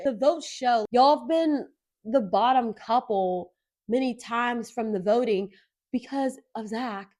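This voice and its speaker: A young woman hosting her own podcast, talking casually in gossipy, animated rants. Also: a little high. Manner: animated, gossipy, quick rants with mimicked voices. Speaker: podcast host. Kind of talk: casual solo chat.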